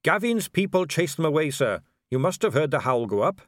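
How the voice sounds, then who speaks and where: A man's voice: on the high side, sing-song, a little fast, dry recording, studio quality, voice pushed up. A man voicing a cheerful, earnest young male watch captain who is polite and keeps saying sir.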